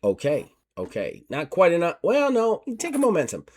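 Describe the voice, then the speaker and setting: A man's voice: on the high side, huge pitch swings, moderate pace, a little mellow. A man running a tabletop horror game, narrating loosely with lots of fillers. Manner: loose, rambling with many fillers. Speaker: game master.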